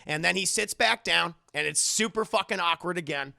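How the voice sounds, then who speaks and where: A man streaming a casual film retelling to his chat, animated and often restarting his sentences. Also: high-pitched, a little fast, creaky, few pauses, no room sound, studio quality.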